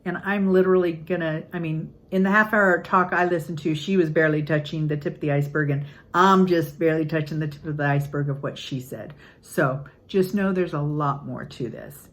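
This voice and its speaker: An older woman, a grandmother, giving an earnest, upbeat casual talk on parenting, acting out quotes in lively voices. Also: deep voice, quick pace, hardly any pauses, low-quality recording. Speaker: parenting channel host.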